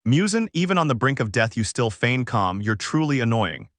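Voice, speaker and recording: A man reading the lines of a cold, contemptuous male demon king in an even, unhurried voice, recorded dry and close. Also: medium pitch, dry recording.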